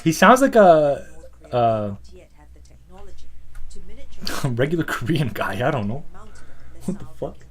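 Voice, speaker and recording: A man's voice: a little high, takes it slowly, long pauses. A man hosting a comedy podcast, riffing in a rambling, profane, swaggering way. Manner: profane, animated, swaggering storytelling. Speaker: podcast host.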